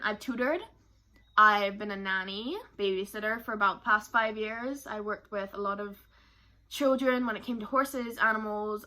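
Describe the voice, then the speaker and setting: A woman's voice: mid-range voice, sharp tone. A young woman from Barbados, talking candidly to camera about her life in a rambling, emotional way. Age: young adult. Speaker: vlogger. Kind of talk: personal talk to camera.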